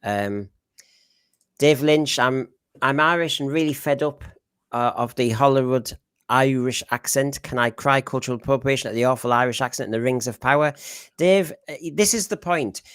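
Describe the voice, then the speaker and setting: A man's voice: medium pitch, normal speed, fairly bright tone, clean tone, dry recording, studio quality. A man with a Middlesbrough accent hosting a casual live panel chat, rambling as he reads out viewer comments. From Northeast England. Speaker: podcast host.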